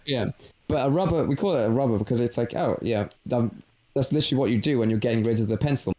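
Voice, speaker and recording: A man's voice: medium pitch, fast talker, mellow. A man with an English accent in casual chat as a guest, laid-back, laughing often and swearing casually. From England.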